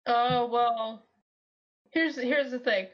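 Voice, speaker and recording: A woman's voice: on the high side, steady tone, very slow, highs cut off. A woman guest chatting casually on a podcast, rambling and swearing freely as she answers questions. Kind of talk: casual chat.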